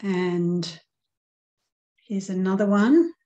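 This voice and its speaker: A woman teacher giving a recorded grammar lesson, reading example poems aloud and counting out syllables deliberately. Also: medium pitch, steady tone, mellow, low-quality recording.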